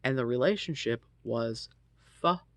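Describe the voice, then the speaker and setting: A man's voice: on the low side, unhurried, dry recording. A man telling a personal story casually, rambling with lots of fillers and frequent swearing. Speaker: storytelling vlogger.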